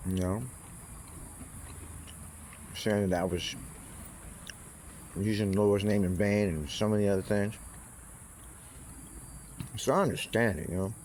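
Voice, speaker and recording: Casting: man, lowish voice, loose rambling delivery, swears freely, faint crickets behind. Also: unhurried, long pauses, a little mellow, a little hiss or hum. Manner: profane, meandering, with frequent restarts and asides. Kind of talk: rambling casual monologue.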